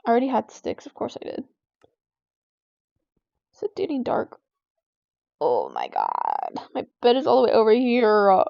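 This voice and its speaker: Teen girl ranting about her friend while gaming, super high voice, says like every other word, kinda muffled lo-fi mic. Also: wildly swooping pitch, a little slow, creaky, long pauses, darkish tone, no echo. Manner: rambling, full of "like" fillers, exasperated. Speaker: gaming vlogger. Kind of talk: casual venting while playing a game.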